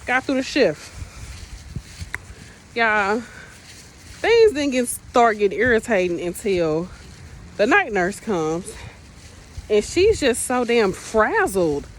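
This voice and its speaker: Young woman, agency nurse vlogging, blunt chatty venting, fairly high voice, faint street noise behind. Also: very animated, slow pace, pauses often, low-quality recording. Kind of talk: casual vlog storytelling. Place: outdoors in the rain by a street, then in a car.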